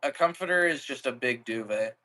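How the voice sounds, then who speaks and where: A man's voice: medium pitch, lively intonation, fairly quick, bright, forceful tone, poor audio. A man hosting a livestream, chatting casually in a dry, teasing, matter-of-fact way with plenty of swearing. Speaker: streamer, host.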